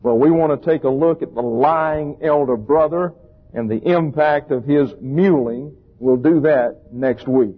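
A man's voice: fairly high pitch, unhurried, breathy edge. A man preaching a sermon emphatically and with scorn, asking rhetorical questions. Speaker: pastor. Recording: tinny phone-like recording.

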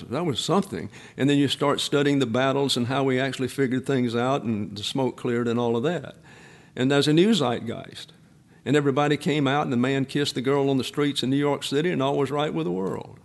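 A man's voice: mid-range voice, creaky. A man in his eighties preaching a sermon, a pastor who drifts into folksy personal stories with frequent restarts. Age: 80s.

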